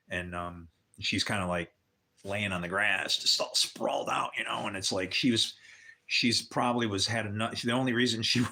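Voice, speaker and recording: A man's voice: lowish voice, pushed and bright. An older man telling candid personal stories on a livestream, swearing and adding religious asides. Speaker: livestream host. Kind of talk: rambling personal storytelling.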